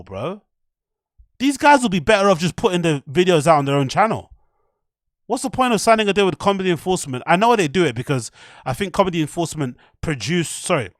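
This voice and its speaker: Young man, live stream commentary, loose and laughing, fairly high voice, dry close sound. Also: no room sound. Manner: loose, laughing, chatty, swearing.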